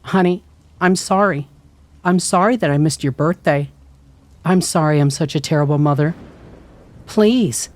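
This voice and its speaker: Play a weeping mother's voice that is really a creature, as a man narrator puts it on: high, coaxing and tearful, pleading to be let in, with an odd hollow tone that is not quite human. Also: a little slow, long pauses. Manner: pleading, tearful, escalating to shouting. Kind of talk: horror story narration.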